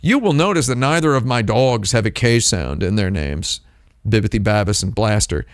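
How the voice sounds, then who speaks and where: A man hosting a live stream, talking in a rambling, deadpan comedic monologue and playing with made-up words. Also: moderate pace, clear, resonant tone, no echo, clean studio sound. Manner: deadpan, playful with invented words, lively pitch swings. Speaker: streamer host.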